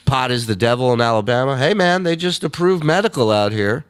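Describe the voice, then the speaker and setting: A man hosting a casual livestream, reading out viewer messages in a loose, profane way and breaking into loud, high impressions. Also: smooth, no echo. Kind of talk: casual chat.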